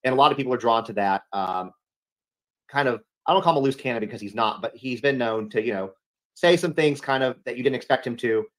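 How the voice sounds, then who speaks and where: A man's voice: medium pitch, fast, fairly bright tone, rough recording. A man interviewing a guest, meandering and searching for his words. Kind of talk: interview question.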